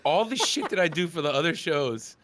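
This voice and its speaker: A man's voice: a little high, big pitch swings, a little fast, a bit bright. A man calling into a livestream, chatting in a laid-back, profane way. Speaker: caller. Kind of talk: casual livestream chat.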